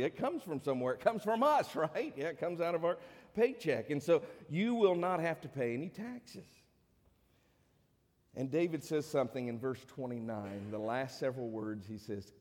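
A man's voice: medium pitch, a little mellow. Guy preaching a sermon, lots of right? and you know? to the crowd, big echoey hall sound. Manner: preachy, asks the crowd many rhetorical questions. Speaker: pastor. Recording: long hall reverb.

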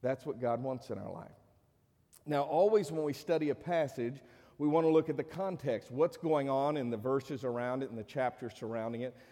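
A man's voice: moderate pace, dark tone. Man preaching in a reverberant hall. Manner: conversational preaching, acts out quoted voices with raised pitch. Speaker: pastor. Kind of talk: sermon.

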